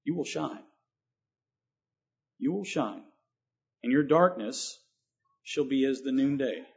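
A man's voice: medium pitch, animated, takes it slowly, creaky, slightly rough. A man preaching a sermon, reading scripture and expounding it earnestly, with emphatic swells on key lines. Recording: dull lo-fi recording.

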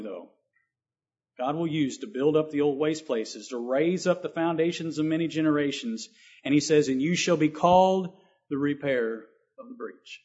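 A man's voice: on the high side, a little mellow, breathy edge. A man preaching a sermon, reading scripture and expounding it earnestly, with emphatic swells on key lines. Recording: dull lo-fi recording.

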